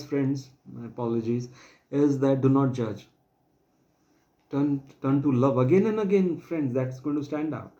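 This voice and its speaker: A man's voice: medium pitch, dark tone, echoey room, highs cut off. A man preaching a sermon in an earnest, pleading way, repeating himself and quoting scripture.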